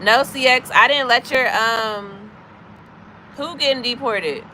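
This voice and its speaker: Taking it slowly in a bright, forward American voice on the high side, a livestream host in her thirties talks easygoingly with her audience, calling viewers by name and drifting between comments. Faint city traffic hums in the background, as though she is outside near a car.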